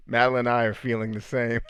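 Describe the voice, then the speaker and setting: A man hosting a casual livestream, chatting with viewers in an animated, joking way and swearing freely. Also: on the low side, clear, resonant tone, muffled recording. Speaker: podcast host answering live chat.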